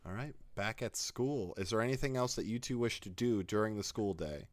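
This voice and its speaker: A man's voice: lowish voice, a little fast, no room sound. A man running a tabletop role-playing game as game master, chatty and enthusiastic.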